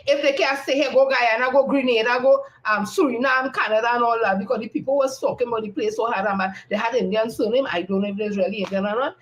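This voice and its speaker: A woman's voice: on the high side, rough recording. A woman with a Trinidadian accent, giving a blunt, combative live-stream monologue and repeating her points for emphasis. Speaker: political commentator on a live stream.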